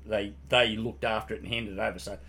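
A man's voice: on the low side, steady tone, fast talker, creaky, pushed and bright. An older man telling army stories in casual podcast chat, swearing freely and laughing through his punchlines.

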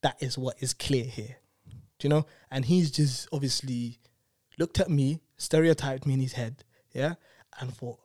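A young man tells a personal story as a guest, animated and casual, his speech full of tag questions like "innit" and "you know what I'm saying." The mid-range voice is recorded dry, with studio quality.

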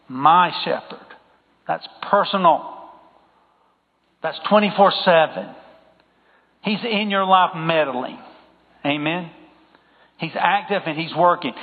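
A male pastor preaching a sermon and calling out to the congregation. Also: high voice. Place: church sanctuary. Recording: tinny phone-like sound with long hall reverb.

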